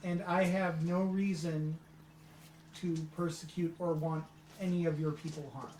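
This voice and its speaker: A woman's voice: lowish voice, little pitch movement, measured pace, mellow, roomy sound, slight background noise. A woman playing a tabletop game who speaks her character's lines in an earnest, formal way. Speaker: player.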